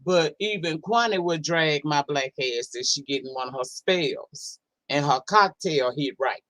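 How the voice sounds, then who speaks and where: A woman's voice: low voice, a little slow, a bit bright, no echo. Woman, livestream host, blunt and cussing, sassy, drawled emphasis, dry close sound. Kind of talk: casual livestream talk, reading chat comments.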